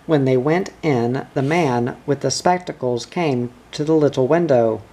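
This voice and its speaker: A narrator reading a children's storybook aloud at a slow, deliberate pace. The delivery is careful and measured. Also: mid-range voice, dark tone, breathy edge.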